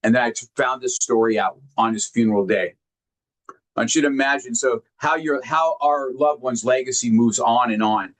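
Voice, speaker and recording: A man giving a heartfelt motivational talk, sharing personal stories earnestly and emphatically, often halting and repeating words when moved. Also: mid-range voice. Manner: emphatic, directly addresses listeners. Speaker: motivational speaker.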